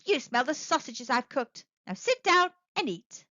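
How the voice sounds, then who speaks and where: A woman's voice: sits high, very animated, measured pace, sharp tone, no room sound, dull audio, full character voice. A woman voicing a scolding giant's wife.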